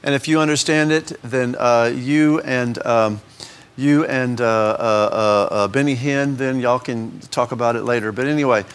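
A man's voice: mid-range voice, fairly even intonation, normal speed, clear, resonant tone. A man preaching a verse-by-verse sermon in a conversational, joking manner, with many restarts and fillers. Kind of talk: sermon, verse-by-verse Bible teaching.

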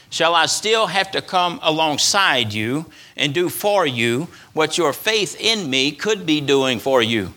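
A man's voice: fairly high pitch, sharp tone. A man preaching a sermon as pastor, repeating phrases for emphasis and letting his voice rise and fall. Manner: preaching with rising and falling emphasis.

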